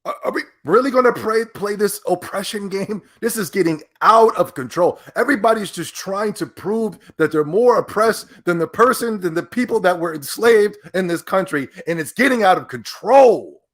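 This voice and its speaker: A podcast host, a man with a slightly high voice, rants in a loud, animated way. He repeats phrases when he gets worked up and keeps laughing between his points. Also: moderate pace, few pauses. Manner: emphatic, animated, breaks into laughs. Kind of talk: ranting commentary.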